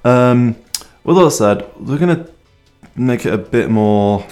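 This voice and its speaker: Rambling radio presenter, low voice. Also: male voice, takes it slowly, darkish tone, faint music behind. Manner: rambling, self-mocking, many ums. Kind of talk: casual music show links.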